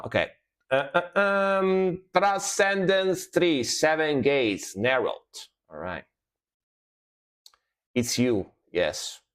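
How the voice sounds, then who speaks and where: A man streaming music reactions in easygoing casual chat, repeating himself and leaning on "you know". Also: medium pitch. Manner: laid-back, loose, repeats words and adds "you know".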